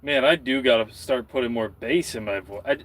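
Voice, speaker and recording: A man's voice: medium pitch, normal speed. A man talking casually on a live stream from his parked truck at night, rambling with dry, self-mocking asides.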